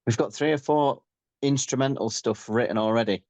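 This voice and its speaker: A man's voice: medium pitch, normal speed, dry recording. Laid-back Yorkshire man, rambling. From Yorkshire, England. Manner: relaxed, rambling, modest. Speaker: rock band frontman, guest. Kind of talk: casual interview chat.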